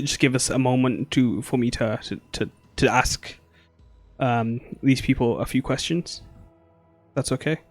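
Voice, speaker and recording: A man's voice: mid-range voice, darkish tone, no room sound, lightly acted. A man voicing a nervous, formal young female guard who stammers and speaks with careful politeness. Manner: stammering, hesitant, overly polite.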